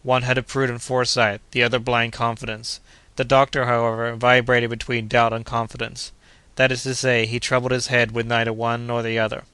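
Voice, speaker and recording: Male narrator, audiobook reading, bright tone, flat even delivery. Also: mid-range voice, fairly quick, clear, resonant tone, no room sound. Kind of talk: scripted narration.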